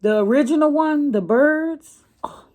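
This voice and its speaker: A woman's voice: high-pitched, measured pace, a little mellow. A woman vlogger telling a story in a casual, chatty way, with many fillers and restarts.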